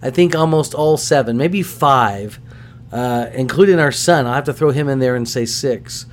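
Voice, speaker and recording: A middle-aged man hosting a podcast, telling stories casually in an animated, self-deprecating way. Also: mid-range voice, normal speed. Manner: animated, self-deprecating, acts out voices in anecdotes. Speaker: podcast host. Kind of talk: casual storytelling.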